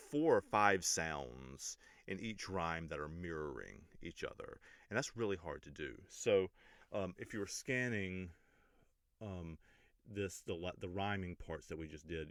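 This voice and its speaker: Deep-voiced man explaining poetic meter. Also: takes it slowly, no echo, studio quality. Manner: pedantic but relaxed, many ums and restarts. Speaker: English teacher and music reaction host. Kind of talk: casual explanatory lesson.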